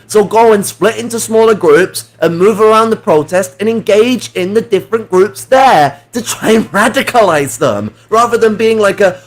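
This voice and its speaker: Animated man, higher-pitched. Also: moderate pace, few pauses. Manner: animated, swearing, lecturing. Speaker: stream host. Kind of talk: casual political voice-call chat.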